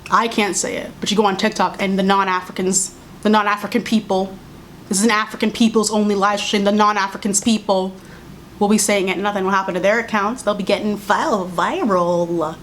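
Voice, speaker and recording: A woman's voice: mid-range voice, fairly quick, a little hiss or hum. A young woman giving a sarcastic, exasperated casual commentary rant as a video creator, talking to the camera at home. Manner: exasperated, sarcastic, animated, with mocking voices and laughs.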